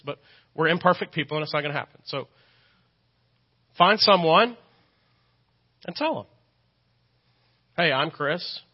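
A pastor from Texas, speaking with a Texan accent in a fairly high voice, preaches a sermon in a church sanctuary. He's earnest and conversational, repeating phrases for emphasis and slipping in self-deprecating asides. The audio is dull.

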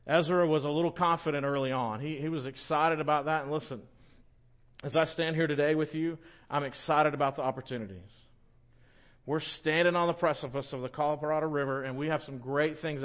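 A man's voice: a little high, fairly even intonation, brisk, dull audio. A man, a pastor, preaching a sermon in a conversational, joking storytelling manner.

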